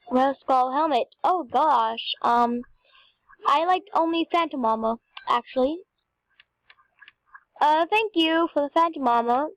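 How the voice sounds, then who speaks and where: Chatty young girl, high voice. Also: no echo, poor audio. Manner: chatty, rambling, talks to viewers. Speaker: game video narrator. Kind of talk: casual gameplay commentary.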